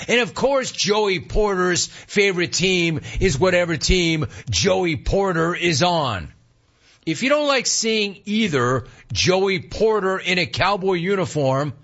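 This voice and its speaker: A man hosting a sports talk radio show, teasing listeners with amused, rapid-fire rhetorical questions. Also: fairly high pitch, a bit bright, highs cut off.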